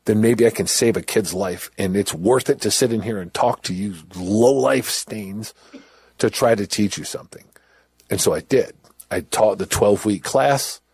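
A man's voice: fairly low pitch, breathy edge, no room sound. A middle-aged man who was once in prison, telling his story bluntly and candidly. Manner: candid, blunt, with laughs and restarts. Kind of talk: personal storytelling.

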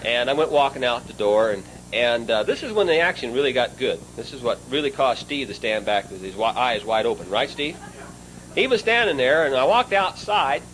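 A man preaching through a long personal anecdote, lively and conversational, turning to address a friend mid-story. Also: medium pitch, moderate pace, a little hiss or hum, rough recording. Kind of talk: storytelling sermon.

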